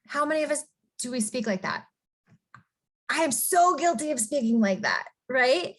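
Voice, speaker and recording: A woman coaching business owners in a casual, energetic motivational talk, chatty and emphatic. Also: high-pitched, moderate pace, long pauses. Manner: energetic, chatty, often asks "right?".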